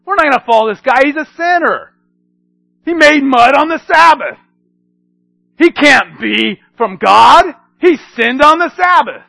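Indignant religious leaders interrogating, put on by a male preacher, pitched up high. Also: normal speed, few pauses, dry recording, heavily acted. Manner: interrogating, raised and excited.

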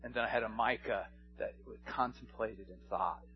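A man's voice: fairly low pitch, moderate pace, dull audio, a little hiss or hum. A man, a pastor, preaching a sermon and telling stories, at times rising to passionate pleading. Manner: storytelling, rising to impassioned pleading.

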